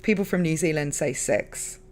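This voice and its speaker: A woman with a London accent, hosting a casual stream chat, talkative and quick to laugh. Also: low voice, slight background noise. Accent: London English. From London, England. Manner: chatty, laughs often, many fillers. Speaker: streamer host.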